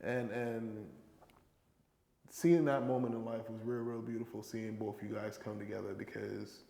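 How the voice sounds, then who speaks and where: A man hosting a casual chat, telling stories in animated slang. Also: on the low side, normal speed, vocal fry. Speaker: host. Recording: echoey room with long reverb.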